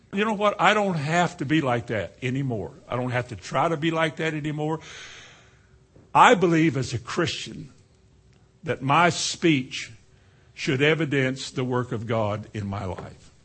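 A man's voice: on the high side, expressive, normal speed, a bit bright, husky. A man preaching a sermon in a folksy way, now and then mimicking slang with a laugh.

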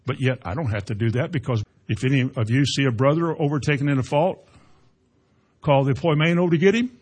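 A man's voice: mid-range voice, a little fast, a little mellow, slightly rough. A man preaching a sermon as a pastor, growing emphatic as he quotes scripture. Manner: preaching with rising emphasis and Bible quotations.

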